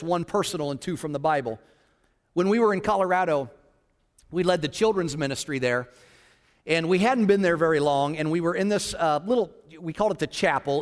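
A man with a high, bright speaking voice preaches a story from his own life. He is animated and dramatic, swinging his pitch when he acts out what others said. The sound rings with the long reverb of a large hall. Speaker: children's ministry leader. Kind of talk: sermon storytelling.

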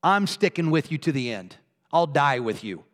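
A man's voice: fairly high pitch, big pitch swings, moderate pace, a bit bright, long reverb tail. A male preacher voicing an eager, boastful disciple in a sermon retelling. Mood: insistent. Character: boastful loyal disciple, adult man, eager.

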